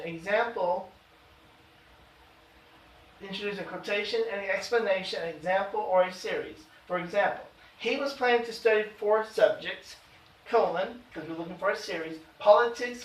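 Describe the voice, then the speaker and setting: A man teaching an adult education grammar lesson, slowing down to read out example sentences with emphasis. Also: sits high, a bit bright. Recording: echoey room, voice from far off.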